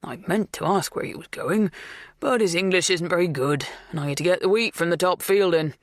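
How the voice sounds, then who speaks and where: A narrator voicing an older male farmer, apologetic and polite, with a booming manner. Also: brisk, dry recording, clean studio sound, lightly acted. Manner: booming baritone.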